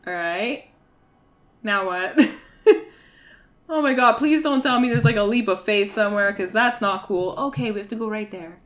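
A young woman streamer giving excitable, exclamation-filled commentary while she plays a video game. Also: fairly high pitch, moderate pace. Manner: excitable, with frequent shrieks and exclamations. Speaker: gaming streamer. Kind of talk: reactive gameplay commentary.

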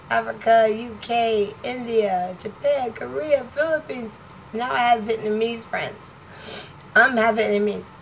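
A woman vlogger talking casually to camera, chatty and excitable, laughing often. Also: medium pitch, slight background noise, rough recording. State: partially deaf.

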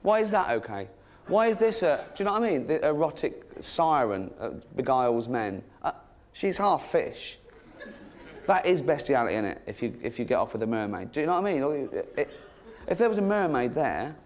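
A man's voice: on the high side, sing-song, a little fast. Giggling man doing stand-up. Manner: cheeky, giggling, rambling asides. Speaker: stand-up comedian. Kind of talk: stand-up comedy routine. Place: comedy stage before an audience. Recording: noisy live stage recording.

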